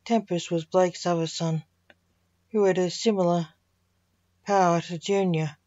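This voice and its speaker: Woman narrator reading a story, slow and plain, dry muffled recording. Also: on the low side, steady tone, warm tone, no echo.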